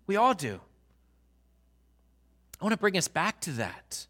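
A man preaching a sermon, telling a story with many restarts, dropping to hushed, slow prayer and rising to loud exhortation. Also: high-pitched, sing-song, gravelly, slightly rough. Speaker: pastor.

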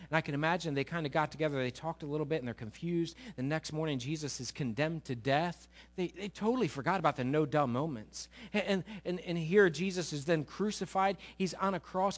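A male pastor preaching a sermon, retelling stories with lively, animated delivery and repeated words. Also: fairly high pitch.

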